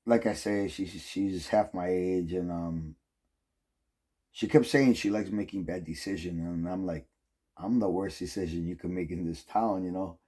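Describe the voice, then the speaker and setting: Man, middle-aged, deep voice, husky, casual rambling, profane. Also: moderate pace, mellow. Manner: rambling, heavy use of "like" and "um", profane. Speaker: vlogger.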